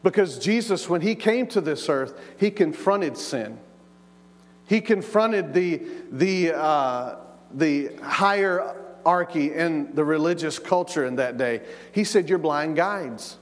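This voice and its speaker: Emphatic preacher in an echoing hall. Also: male voice, on the high side, animated, slow. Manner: emphatic, repeats words, acts out quoted speech. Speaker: pastor. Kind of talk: sermon. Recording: long reverb of a large hall.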